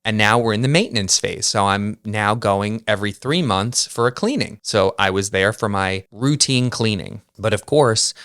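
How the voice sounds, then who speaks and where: A man's voice: on the low side, normal speed, few pauses, a bit bright, clear, resonant tone, no room sound, studio quality. A man hosting a podcast, telling a story in a rambling, exasperated, profane way. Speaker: podcast host. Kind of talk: casual monologue.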